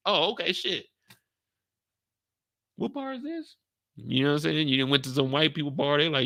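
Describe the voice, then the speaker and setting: A man's voice: medium pitch, big pitch swings, quick pace, bright, forceful tone, no room sound, studio quality. A man giving loose, joking, slang-filled commentary after a TV episode. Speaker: show commentator. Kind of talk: casual after-show commentary.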